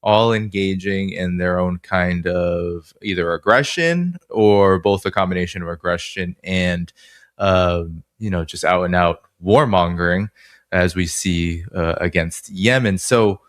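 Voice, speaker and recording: A man's voice: low voice, slow, no echo, clean studio sound. A man with a Boston accent who interviews the guest, asking long, winding questions full of fillers and hesitations.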